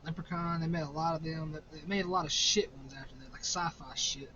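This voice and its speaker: A man's voice: on the high side, steady tone, a little fast, pushed and bright. A young man casually ranking horror movies in a rambling, profane way, often laughing. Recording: slightly dull recording with faint noise.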